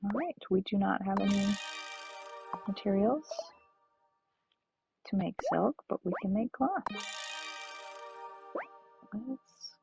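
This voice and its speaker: A woman's voice: medium pitch, animated, takes it slowly, creaky, pauses often, over music. A woman streaming a farming game, chatting and thinking aloud to her viewers. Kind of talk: casual let's-play chat. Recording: dull lo-fi stream audio.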